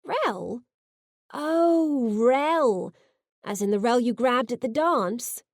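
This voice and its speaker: A woman's voice: fairly high pitch, animated, very slow, no echo, studio quality, exaggerated voice. A woman voicing Fraser, a drowsy, teasing man just woken up, in an audiobook. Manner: mumbling, teasing.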